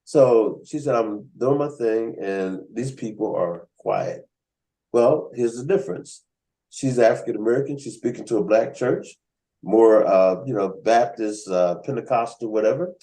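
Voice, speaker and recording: A man hosts a writers' workshop on a video call, telling casual stories at a measured pace in a medium-pitched voice. He animates them by acting out the voices of the people he quotes. The recording is low quality.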